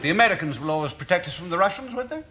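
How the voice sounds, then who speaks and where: An actor playing an indecisive, flustered prime minister, in a British TV sitcom. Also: male voice, high-pitched, sing-song, very fast, over loud music. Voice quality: flustered and hesitant. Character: bumbling, indecisive middle-aged male prime minister. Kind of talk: 1980s British TV sitcom acting. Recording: old TV audio with loud background noise.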